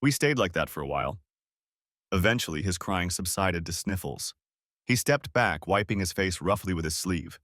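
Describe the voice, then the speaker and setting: A middle-aged man reading a first-person story as an audiobook narrator, steady and earnest. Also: low voice, moderate pace, dry recording, clean studio sound.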